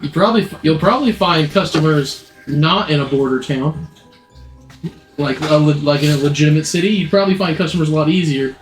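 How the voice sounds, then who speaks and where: A man's voice: fairly high pitch, fairly quick. A man narrating a tabletop game as game master, rambling, correcting himself and laughing. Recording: echoey room, faint music.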